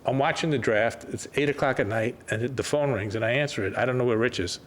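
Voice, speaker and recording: Older man telling animated stories. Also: mid-range voice, quick pace. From New York. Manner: animated anecdotes, acts out quoted dialogue. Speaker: record label founder, guest. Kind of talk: storytelling in a casual interview.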